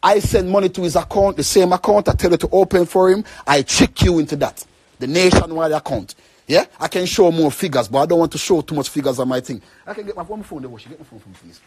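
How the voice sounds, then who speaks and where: Husky high-voiced Jamaican man. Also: fast, a little mellow. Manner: pleading, rambling, repeats himself. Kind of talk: emotional rant to camera.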